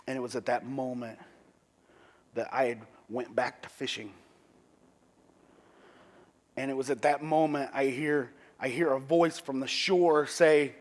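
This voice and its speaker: Earnest halting pastor, a man. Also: medium pitch. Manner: earnest, halting with many restarts. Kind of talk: sermon testimony.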